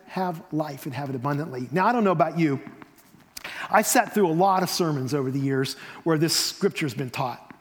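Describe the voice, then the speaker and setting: A man preaching a sermon, swinging from loud emphasis down to near whispers. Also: a little high, lively intonation, a little fast. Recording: long reverb of a hall.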